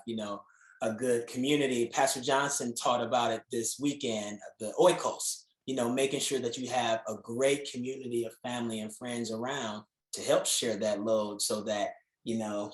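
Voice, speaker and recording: A male host asking his guest questions with eager enthusiasm, often tripping over and repeating his words. His voice sits at a middle pitch. The room adds a noticeable echo around him. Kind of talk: interview podcast hosting.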